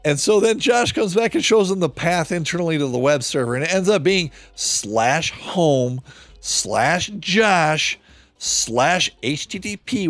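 A man hosts a true-crime podcast, reading chat logs aloud and commenting on them with sarcasm and plenty of swearing. His voice sits on the high side with a fairly bright tone, and there's no echo.

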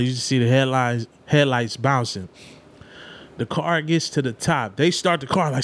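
A man telling a story in casual talk, animated and profane, jumping into high voices for his friends. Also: moderate pace.

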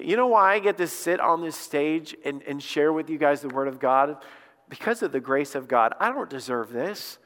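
A male pastor preaches with passionate emphasis, often stumbling over repeated words as he builds. His voice sits a little high for a man. The sermon rings out in a church hall with a long reverb tail. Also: a bit bright.

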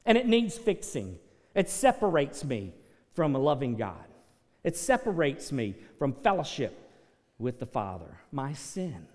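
Animated preacher in reverberant church. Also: male voice, mid-range voice. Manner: preachy, shifts between loud energetic exhortation and soft earnest pleading; repeats words when restarting, folksy asides. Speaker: pastor. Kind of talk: sermon. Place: church sanctuary. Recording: long hall reverb.

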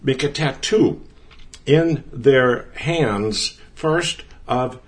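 A man gives an earnest, conversational Bible teaching. He leans into key words and repeats them for emphasis. His voice sits at an ordinary middle pitch. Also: lively intonation, extremely slow.

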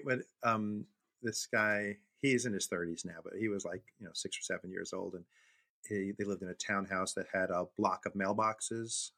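A man's voice: on the low side, pushed and bright. A middle-aged man from Brooklyn co-hosting a podcast in casual chat, telling anecdotes and acting out the voices in them. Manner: storyteller, acts out voices in anecdotes. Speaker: podcast co-host.

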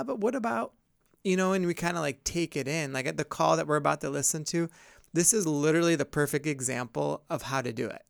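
Male pastor-host, gravelly but smooth, dry close sound, earnest and rambling. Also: fairly high pitch, a bit bright, no room sound. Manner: rambling, earnest, many fillers and restarts. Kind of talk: casual podcast discussion.

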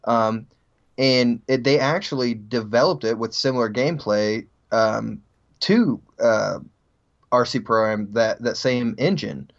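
Male co-host, mid pitch, joking and easy, muffled low-fi mic. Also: takes it slowly. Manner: easygoing, laughs often, jokey. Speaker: podcast co-host. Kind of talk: casual retro gaming chat.

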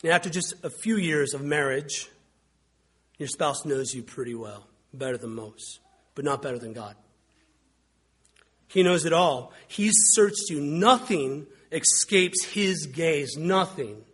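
A man's voice: on the high side, expressive, measured pace, long pauses, husky. A man preaching a sermon as a pastor, telling wry stories in a conversational way. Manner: conversational, wry storytelling with mimicked quotes.

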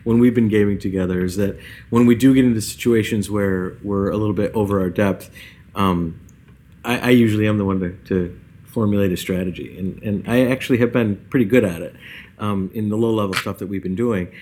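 A man's voice: fairly low pitch, fairly quick, darkish tone. A man co-hosting a gaming podcast, teasing his friends and chatting with many hesitations. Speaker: podcast co-host. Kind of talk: casual chat.

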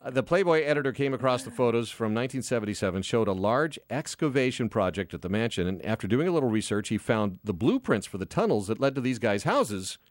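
A man hosting a casual radio talk show, bantering with co-hosts in a lively, playful way from a studio microphone. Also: medium pitch, fast talker, few pauses, dry recording. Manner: lively, animated delivery with playful asides. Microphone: close studio microphone.

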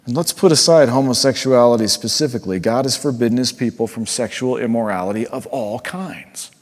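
A man preaching a sermon with earnest conviction, dropping to a hush and then rising to fervent emphasis. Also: mid-range voice, brisk. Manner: earnest, swings from hushed to fervent. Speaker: pastor. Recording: long hall reverb.

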